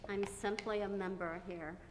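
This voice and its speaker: An American woman speaking as a member from the floor, reading a prepared statement in slow, formal phrases. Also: steady tone. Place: theater. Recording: reverberant theater, faint rumble.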